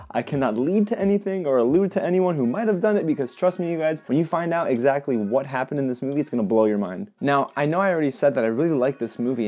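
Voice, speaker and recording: A man's voice: mid-range voice, warm tone. A man hosting his own movie review channel, talking straight to his viewers with lots of enthusiasm in a casual vlog style.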